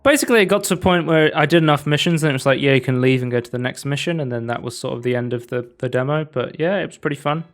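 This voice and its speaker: A man's voice: medium pitch, rapid-fire, few pauses, soft background music. A man co-hosting a casual podcast, chatting loosely about game demos with lots of fillers. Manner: rambling, lots of fillers and likes. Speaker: podcast co-host.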